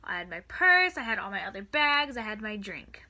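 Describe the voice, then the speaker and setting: A teenage girl telling a storytime in a casual, chatty vlog, full of "like" and "and stuff", with the odd soft aside. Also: mid-range voice, big pitch swings, normal speed. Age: teens. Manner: chatty, filler-heavy with frequent "like" and "and stuff". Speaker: vlogger.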